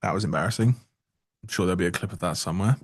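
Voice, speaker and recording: A man's voice: sits low, rapid-fire, slightly rough, no echo. A man giving casual live-stream trading commentary, joking wryly and answering chat aloud into a close mic.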